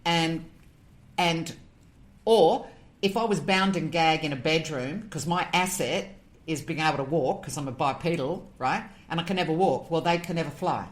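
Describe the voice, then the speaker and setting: Earnest low-voiced woman guest. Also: moderate pace. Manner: earnest, rhetorical questions, tells stories. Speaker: guest, animal communicator. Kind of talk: interview conversation.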